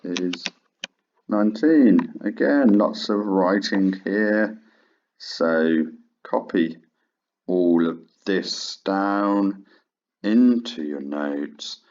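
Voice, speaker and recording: Male maths teacher, low voice, unhurried, chatty with ums, dull lo-fi recording. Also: animated, darkish tone. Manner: chatty and informal with frequent fillers. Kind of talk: classroom lesson. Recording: dull lo-fi sound.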